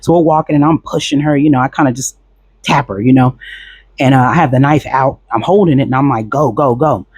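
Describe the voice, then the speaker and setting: Husky, profane man telling a story. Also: medium pitch, dry recording. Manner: blunt, profane, animated retelling with quoted voices. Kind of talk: casual storytelling to camera.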